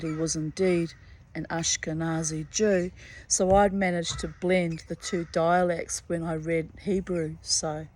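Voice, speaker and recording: A woman reading a folktale aloud as a storyteller, unhurried, with chatty personal asides. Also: on the low side, darkish tone.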